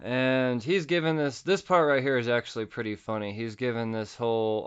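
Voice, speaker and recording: A man hosting a podcast, casually recapping a comic book with profanity and quick voice impressions. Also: medium pitch, clear, resonant tone, muffled recording. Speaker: podcast host.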